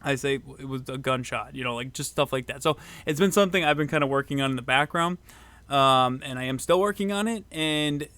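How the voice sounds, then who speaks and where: A man co-hosting a casual podcast, chatting loosely with many fillers and quick bursts of excitement. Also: fairly high pitch, smooth, no room sound. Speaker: podcast co-host, mod maker.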